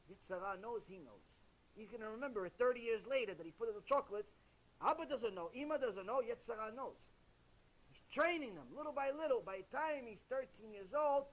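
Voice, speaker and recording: A man preaching a sermon as a rabbi, animated, repeating himself and asking rhetorical questions. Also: extremely high pitch, a little fast.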